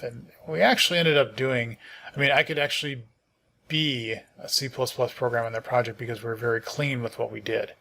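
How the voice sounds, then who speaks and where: A middle-aged man hosting a casual programming stream, tired and yawning, reading documentation aloud and thinking out loud with many fillers and restarts. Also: mid-range voice, fairly even intonation, brisk, gravelly, slight background noise. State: sleepy, yawning.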